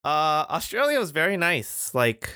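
A man's voice: fairly high pitch, very animated, unhurried, pushed and bright, clean tone, no echo, clean studio sound. A man co-hosting a casual chat podcast, telling travel stories in a rambling way and laughing often. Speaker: podcast co-host.

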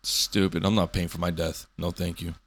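A young man in his early twenties rambles through a casual monologue, swearing freely and joking. He trips over his words and restarts his sentences, and his voice sits a little low. He sounds like a streamer talking off the cuff. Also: flat delivery, moderate pace, fairly bright tone. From Canada. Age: 20s. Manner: profane, rambling, joking, with many fillers and restarts. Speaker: streamer and podcast host.

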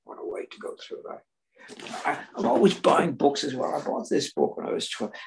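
An older Northern Irish man giving personal testimony at a recovery meeting, telling his story earnestly and dropping from loud emphasis to near-whispers. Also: medium pitch, creaky, rough recording. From Northern Ireland.

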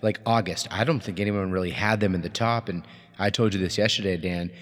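Man, fairly low voice, inquisitive casual sports chat, long room reverb. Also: fairly even intonation, a little fast, fairly bright tone. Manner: inquisitive, asks the others. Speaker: podcast co-host.

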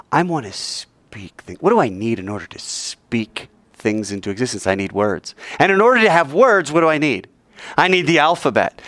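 A man teaching a Bible class, animated and quizzing the class with questions. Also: mid-range voice, dry recording.

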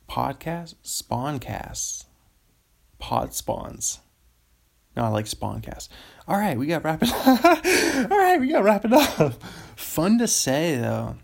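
A man hosting a solo podcast late at night, rambling loosely and getting loopy, with sudden excited bursts and laughter. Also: mid-range voice, vocal fry. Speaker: podcast host.

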